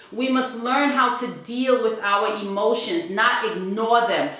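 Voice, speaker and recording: A bright-voiced woman speaking with emphatic, preachy conviction and repeating her points. Her voice sits a little high. The recording rings with heavy room echo. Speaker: family vlogger. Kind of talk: motivational talk. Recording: very echoey room.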